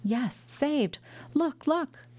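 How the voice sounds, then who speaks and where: A woman reading an audiobook, voicing a young daughter who is breathless and excited, in a raised, lively voice. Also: lowish voice, a little slow, no room sound. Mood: overjoyed.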